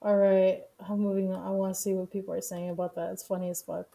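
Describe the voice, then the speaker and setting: A woman streamer giving casual, profane commentary on the news, blunt and quick to laugh. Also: medium pitch, little pitch movement, gravelly, warm tone.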